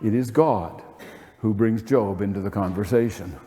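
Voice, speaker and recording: A man's voice: lowish voice, moderate pace, dark tone. A man preaching a sermon as pastor, earnest and emphatic, asking rhetorical questions. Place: church sanctuary. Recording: long hall reverb.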